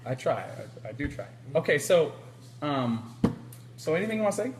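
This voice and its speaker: A man with a fairly high voice, hosting a live stream. His pitch swings widely as he tells animated stories and acts out other people's lines. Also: normal speed, a little hiss or hum. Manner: animated storyteller, acts out quotes. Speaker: interviewer livestreaming. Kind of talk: casual live-stream interview. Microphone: handheld camera.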